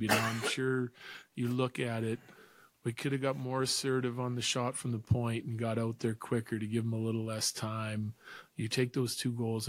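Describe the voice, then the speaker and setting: A man's voice: medium pitch, no echo. A man speaking as a hockey coach in post-game press comments, matter-of-fact and filling his talk with "I mean" and "you know".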